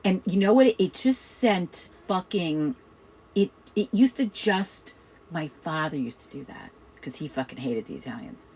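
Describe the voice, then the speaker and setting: A middle-aged woman from Chicago with a New York accent, hosting a casual chat in a loud, fast, profane way. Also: lowish voice, lively intonation, husky, poor audio. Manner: loud, fast, swears a lot. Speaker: host of a witchcraft chat.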